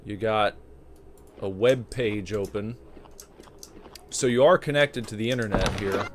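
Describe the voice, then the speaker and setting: A man giving game playthrough commentary, slowly musing over what he sees on screen with plenty of fillers and restarts. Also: on the low side, noisy background. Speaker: gameplay commentator.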